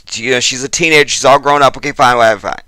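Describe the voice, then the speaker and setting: A man's voice: medium pitch, rapid-fire, pushed and bright, dry recording. A man hosting a casual commentary video, talking straight to his viewers and getting worked up as he repeats himself. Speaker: channel host.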